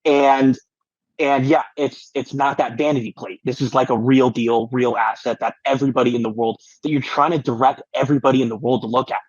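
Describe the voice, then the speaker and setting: A man's voice: mid-range voice, steady tone, fairly quick, slightly rough, no room sound, muffled recording. A man co-hosting a podcast over a video call, speaking eagerly in casual chat and restarting his sentences. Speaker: podcast co-host.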